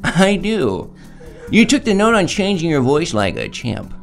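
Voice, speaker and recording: A man's voice: on the high side, faint music behind. A man hosting an improv comedy stream, playing a film director giving notes in a joking way. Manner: animated, playful, quick asides.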